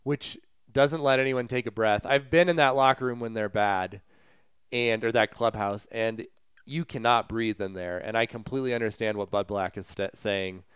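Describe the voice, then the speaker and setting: A man's voice: lowish voice, steady tone, normal speed, fairly bright tone, clean tone, no room sound, studio quality. A man co-hosting a casual sports podcast, chatting loosely and retelling stories with fillers and asides. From Colorado. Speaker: podcast co-host.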